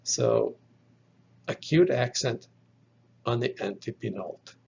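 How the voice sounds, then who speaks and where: A man teaching from slides, explaining each term slowly and carefully and spelling words out letter by letter. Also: medium pitch, creaky, darkish tone, husky, highs cut off. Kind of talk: slide lecture.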